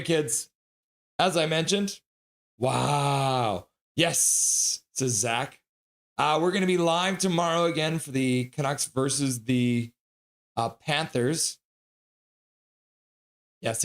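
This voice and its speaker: A man hosting a live sports stream, casually reading out chat messages and donations while signing off. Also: medium pitch. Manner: chatty, reads chat and donations aloud. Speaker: streamer host.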